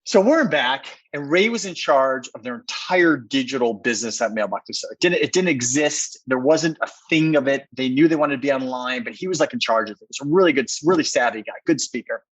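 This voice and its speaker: Husky man telling an excited story. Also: mid-range voice, fairly quick, few pauses, low-quality recording. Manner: excited, rambling, heavy use of "like". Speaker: podcast guest. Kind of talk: animated storytelling in conversation.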